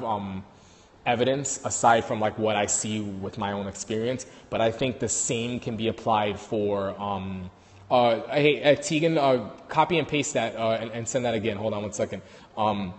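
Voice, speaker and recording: A man's voice: fairly low pitch, in a large hall. A man with a New York accent, a dog trainer hosting a casual livestream on his phone, talking loosely with many fillers and restarts.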